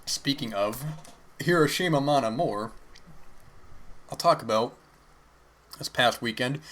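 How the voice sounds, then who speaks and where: A man's voice: medium pitch, fairly bright tone. A man hosting a podcast, talking through a film in an earnest, rambling monologue and correcting himself as he goes. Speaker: podcast host. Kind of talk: casual film commentary monologue.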